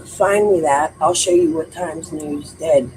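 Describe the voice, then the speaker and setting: A woman's voice: deep voice, unhurried, dark tone, a little hiss or hum, rough recording. A woman hosting a true crime livestream, talking casually in a blunt, emphatic way and swearing often. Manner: blunt, heavily profane, emphatic. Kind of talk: casual chat.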